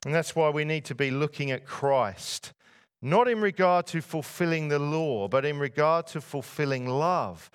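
A man with a fairly high voice preaches a sermon in a church. He speaks to a congregation and keeps asking them rhetorical questions. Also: lively intonation, normal speed, clear, resonant tone. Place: church before a masked congregation.

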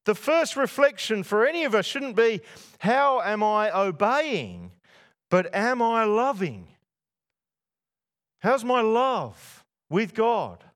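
In a church before a masked congregation, a man delivers a sermon and poses rhetorical questions to his listeners. His voice is high and sing-song, a bit bright, and he takes his time.

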